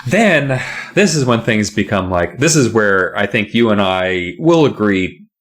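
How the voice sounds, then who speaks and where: A man with a lowish voice talks through a book's plot in a loose, joking way. His pitch swings widely as he acts out characters in quick silly voices. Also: big pitch swings. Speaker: podcast co-host recapping a book. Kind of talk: casual chat.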